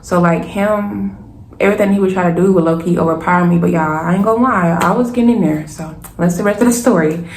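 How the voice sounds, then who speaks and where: A young woman, telling a personal story to her viewers in a lively, casual way and calling them y'all. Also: on the low side, fast. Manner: animated, keeps addressing viewers as y'all. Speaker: storytime vlogger. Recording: echoey room with faint hiss.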